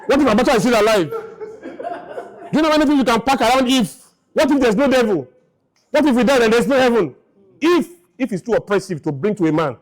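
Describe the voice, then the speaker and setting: A man in his fifties giving a motivational lecture to a live audience, emphatic and firing rhetorical questions. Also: high voice. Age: 50s. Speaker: speaker.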